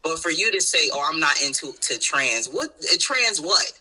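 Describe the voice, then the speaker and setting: A man's voice: a little high, big pitch swings, moderate pace, bright, forceful tone, breathy edge, low-quality recording. A man co-hosting a podcast in casual chat, ranting emphatically with lots of profanity and bursts of laughter. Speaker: podcast co-host.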